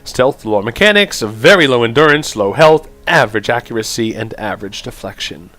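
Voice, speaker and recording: Guy doing a let's play, reads the game text out loud, trips on weird words, really animated pitch. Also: moderate pace. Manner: thinks aloud, stumbles over odd words while reading. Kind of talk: casual gameplay commentary and reading game text aloud.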